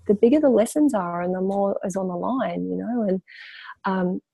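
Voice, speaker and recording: A woman's voice: mid-range voice, normal speed, gravelly, dark tone, breathy edge, dry recording, lo-fi sound. A woman, a spiritual coach, talking passionately in a candid interview and repeating phrases for emphasis.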